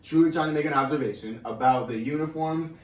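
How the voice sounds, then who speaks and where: A man's voice: a little high, quick pace. A young man co-hosting a casual podcast, hedging with fillers while playfully arguing the other side. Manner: hedging, playful devil's advocate, many fillers. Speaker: podcast co-host. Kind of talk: casual chat. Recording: roomy, distant mic.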